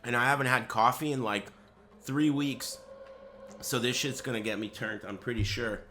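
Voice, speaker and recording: A man's voice: medium pitch, fairly even intonation, normal speed, sharp tone, slight background noise. A man streaming live, chatting casually with crude, joking, rambling banter. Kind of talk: casual livestream chat.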